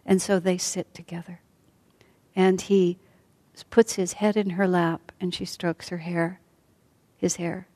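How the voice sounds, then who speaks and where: A woman teaching a class as a storyteller, speaking softly and often sinking to a near whisper. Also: on the low side, level tone, measured pace, long pauses. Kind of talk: storytelling lesson.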